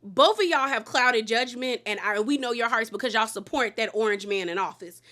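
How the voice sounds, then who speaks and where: A woman's voice: on the high side, moderate pace, sharp tone. A woman hosting a reality TV recap, talking in a sassy, blunt way and laughing often. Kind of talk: casual recap commentary.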